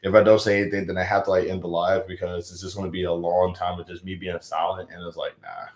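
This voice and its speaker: A man's voice: low voice, flat delivery, quick pace, a little mellow. A man chatting casually on a live stream who reads out viewers' comments and rambles with self-mocking jokes. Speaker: live streamer reading chat. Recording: echoey room.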